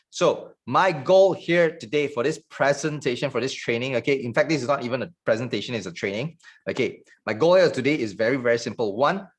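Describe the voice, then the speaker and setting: A man giving an online sales training in a fast, joking, salesy patter. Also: medium pitch.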